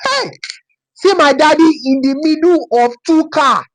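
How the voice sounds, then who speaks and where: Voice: sits high, moderate pace, fairly bright tone. A young adult from Nigeria with a Yoruba-inflected Nigerian accent, telling a personal story in a casual, dramatic way and repeating phrases for effect. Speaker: storytime vlogger.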